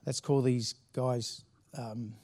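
A man's voice: mid-range voice, steady tone, slow, darkish tone. A middle-aged man, a pastor telling a story from the pulpit in a chatty, laughing way with many restarts. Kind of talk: sermon anecdote.

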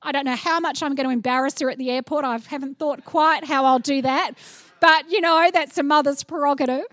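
A middle-aged woman preaching a sermon, animated and playful, acting out little scenes as she goes. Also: high-pitched, a little fast, no room sound, clean studio sound.

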